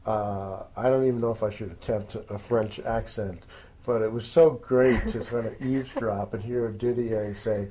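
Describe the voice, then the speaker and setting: A man's voice: on the low side, steady tone, moderate pace, warm tone, a little hiss or hum. A man, a magazine editor, chatting informally about weekend picks, rambling with many fillers and addressing listeners as folks. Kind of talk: casual spoken recommendations.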